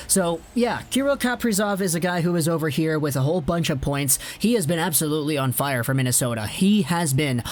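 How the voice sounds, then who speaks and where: A young man hosting a hockey video, talking in a chatty, rambling, lively way. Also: high voice, slight background noise. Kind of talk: casual commentary to camera.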